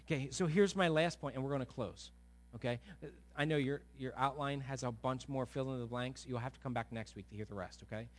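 A man preaching a sermon as a pastor, animated, acting out quoted voices, swinging from quiet to loud. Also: mid-range voice, a little fast.

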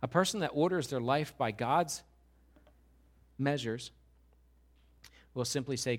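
A man, a pastor, preaching an animated sermon, often acting out quoted voices and building to loud, rising questions. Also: medium pitch, a little slow, long pauses.

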